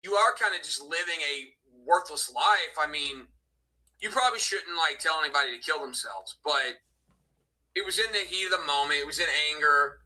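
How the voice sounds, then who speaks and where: A man talks on his livestream in a high, sharply bright voice. He rants in a heated, aggrieved way, swearing freely and complaining loudly. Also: animated, moderate pace, rough recording. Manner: aggrieved, profane, ranting. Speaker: livestream host. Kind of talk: heated casual livestream rant.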